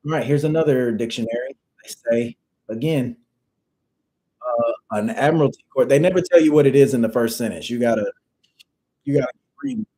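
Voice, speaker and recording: Speaking a little fast in a warm, medium-pitched voice, a man runs a casual livestream lecture, reading dictionary definitions aloud and repeating phrases for emphasis. The audio quality is poor.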